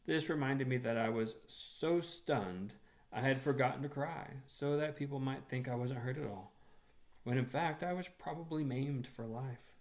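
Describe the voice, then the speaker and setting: Man reading a short story aloud. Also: medium pitch. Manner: measured, expressive storytelling. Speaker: reader.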